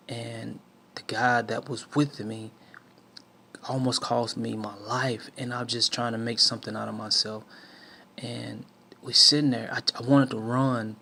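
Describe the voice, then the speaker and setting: Gravelly and sharp in tone, this mid-range male voice is unhurried with a flat delivery. He's a southern American man telling a personal testimony like a sermon to share a life lesson, full of restarts and fillers as he acts out quotes.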